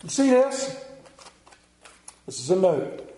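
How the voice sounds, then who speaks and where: A man preaching a sermon, telling Bible stories and acting out the characters, swinging between loud bursts and quiet low passages. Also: sing-song, slow pace, roomy sound, rough recording. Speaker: pastor.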